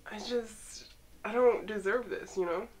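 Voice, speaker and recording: A young woman chatting casually as she reacts to photos, excitable and teasing, talking straight to the pictures. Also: medium pitch, a little slow, breathy edge. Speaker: fan vlogger reacting to photos.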